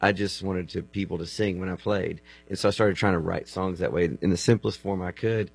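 A man's voice: sits low, fairly even intonation, fairly quick, vocal fry, slightly rough, faint music behind. A man, telling earnest stories as a guest and often restarting his phrases. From Texas. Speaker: worship musician guest. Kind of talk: casual storytelling.

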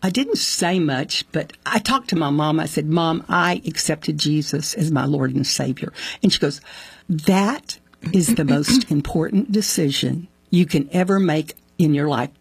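Woman, testimony storyteller, acts out quotes with jumpy pitch, breathy-husky tone, dry recording. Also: unhurried, no room sound. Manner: animated, acts out quoted speech with sudden pitch jumps; laughs often while telling. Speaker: guest sharing her faith testimony. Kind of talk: personal storytelling in conversation.

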